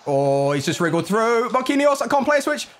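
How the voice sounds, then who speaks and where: Young guy yelling at his football game, voice jumping all over the place, calls out every pass and miss. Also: very high voice, normal speed. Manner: excitable, reacting out loud to each play. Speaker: gaming YouTuber. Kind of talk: live gameplay commentary.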